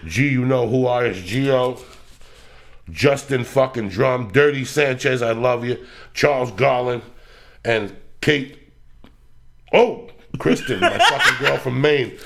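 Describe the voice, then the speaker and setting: A middle-aged man hosting a podcast, telling rambling, profane stories in a loud, animated way. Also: mid-range voice, takes it slowly, vocal fry. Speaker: podcast host. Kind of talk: casual podcast chat.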